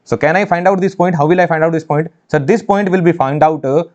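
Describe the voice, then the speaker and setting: Fast-talking and fairly high-pitched, this man has a slightly mellow tone as he teaches engineering maths for an online exam-prep course. He stresses points emphatically, repeats himself and asks rhetorical questions, and the recording is dull and lo-fi.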